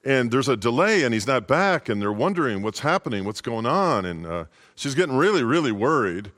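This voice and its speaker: A man's voice: mid-range voice, sing-song, brisk, a bit bright. A male pastor giving a short, informal holiday sermon in a folksy, conversational way.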